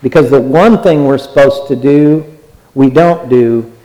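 A man's voice: mid-range voice, measured pace, mellow. A man preaching a sermon, earnest and exhortative, and often repeating his phrases. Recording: long hall reverb.

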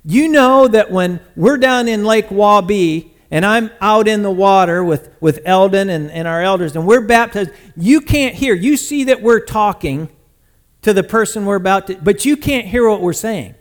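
A man's voice: sits high, moderate pace. A male pastor preaching a sermon in an emphatic manner, repeating phrases for stress.

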